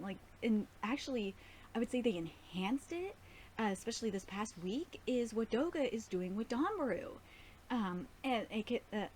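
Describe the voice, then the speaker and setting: A woman's voice: a little high, a little mellow, slight background noise, low-quality recording. A woman hosting a live anime reaction, talking in an exasperated, nitpicky way and swearing often. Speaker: host.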